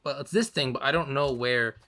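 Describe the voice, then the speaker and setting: A man giving casual, chatty gameplay commentary, laughing often and swearing lightly, his voice a little hoarse. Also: medium pitch, fairly quick, pushed and bright, a little hiss or hum. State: slightly hoarse. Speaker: gaming channel host.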